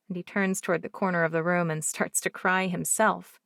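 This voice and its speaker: Expressive woman narrating an audiobook. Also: fairly low pitch, unhurried, gravelly, no echo, studio quality. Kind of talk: first-person romance audiobook narration.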